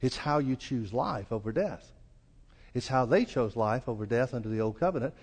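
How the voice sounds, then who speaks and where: A man's voice: lively intonation, normal speed, darkish tone, husky. A man with a Southern US accent preaching a sermon as pastor, folksy and acting out the quoted lines. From American South. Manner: folksy, acts out quoted lines with rising pitch. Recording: long reverb of a church hall.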